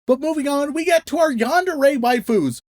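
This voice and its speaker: A man's voice: extremely high pitch, animated, normal speed, no echo, studio quality. A young man co-hosting a podcast, reading out a list of names in a casual, laughing, stumbling way. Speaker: podcast co-host.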